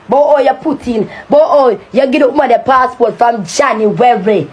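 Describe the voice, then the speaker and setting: High-pitched Jamaican woman ranting. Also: normal speed, few pauses, breathy edge. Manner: heated, taunting, cursing. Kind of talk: angry live-stream rant.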